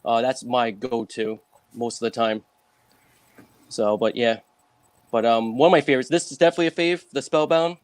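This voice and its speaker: A man's voice: mid-range voice, fairly even intonation, normal speed, long pauses, no room sound. Rambling New England man on a call. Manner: rambling, filler-heavy, chuckling. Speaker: guest author. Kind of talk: casual video-call interview. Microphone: video call.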